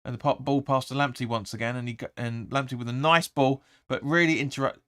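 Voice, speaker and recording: Man, live football watch-along, rambling commentary, smooth resonant voice, dry close sound. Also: medium pitch, fairly even intonation, quick pace, fairly bright tone, dry recording. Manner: rambling, restarts often, erupts when urging players. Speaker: fan channel host.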